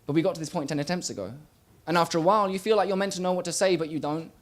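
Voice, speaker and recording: A young man performing a spoken word poem on a small stage, rhythmic, swinging from loud bursts to quiet murmurs. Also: high voice, rapid-fire. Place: small live venue stage.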